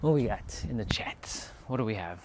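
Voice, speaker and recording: A man's voice: on the low side, animated, normal speed, background noise. A man hosting a casual livestream who chats in a laid-back, musing way and laughs easily. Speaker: livestream host.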